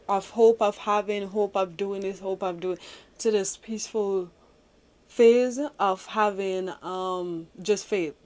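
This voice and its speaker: A woman's voice: medium pitch, darkish tone. A young woman vlogger telling a personal faith story in an earnest, confiding way, with many fillers.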